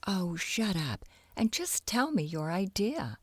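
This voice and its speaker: A woman voicing an exasperated, bossy young girl in a children's storybook, shrill and impatient. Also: very animated, takes it slowly, husky, dry recording, full character voice.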